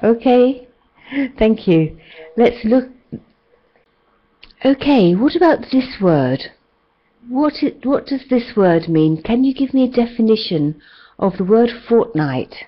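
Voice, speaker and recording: A woman's voice: on the high side, expressive, takes it slowly, long pauses, lo-fi sound. A woman with a British accent teaching an online English class, patient and encouraging, asking her students one question after another.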